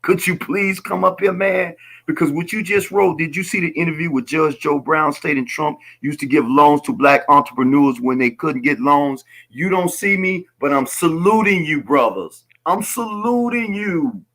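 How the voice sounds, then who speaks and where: A man's voice: on the high side, moderate pace, fairly bright tone. Emphatic rambling man on a call-in. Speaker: guest on the show. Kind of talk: casual political call-in talk.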